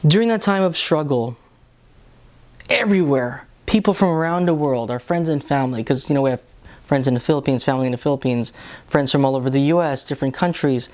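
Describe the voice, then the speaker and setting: An earnest man talks through the day's scripture readings in a relaxed, personal way. He speaks casually and restarts phrases often as he gathers his thoughts. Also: mid-range voice, a little fast. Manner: earnest, conversational, with many restarts. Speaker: lay reflection host. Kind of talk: personal Bible reflection.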